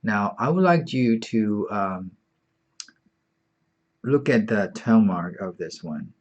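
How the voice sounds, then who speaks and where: A man with a lowish voice and lively intonation teaches a beginner Chinese lesson online. He goes slowly and patiently, saying each word several times.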